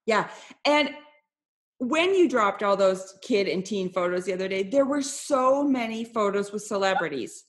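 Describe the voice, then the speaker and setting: A woman's voice: mid-range voice, expressive. A woman hosting a podcast, chatting in an upbeat, talkative way. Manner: upbeat, chatty, quick to laugh. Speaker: podcast host. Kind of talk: casual podcast chat.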